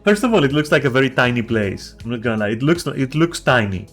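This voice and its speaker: A man's voice: medium pitch, lively intonation, quick pace, fairly bright tone, soft background music. A man on a game stream, ranting in casual chat, swearing a lot and restarting his sentences.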